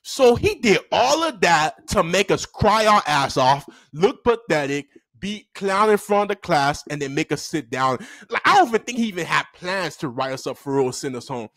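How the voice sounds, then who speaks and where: A man's voice: a little high, moderate pace, few pauses, dry recording. A man telling a childhood story in a casual vlog, slangy and loose with his language. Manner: animated, slangy, loose and profane.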